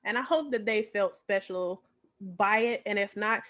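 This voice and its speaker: A woman's voice: mid-range voice, normal speed. A woman co-hosting a podcast, chatting casually and telling stories animatedly with frequent laughs. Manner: animated storyteller, laughs often. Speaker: podcast co-host. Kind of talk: casual chat.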